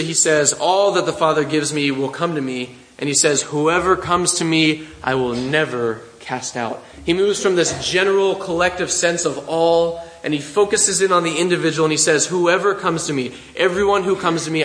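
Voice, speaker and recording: Earnest higher-voiced male preacher. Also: a bit bright, roomy sound, rough recording. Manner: measured, earnest expository preaching with slow emphatic phrases. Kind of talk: sermon.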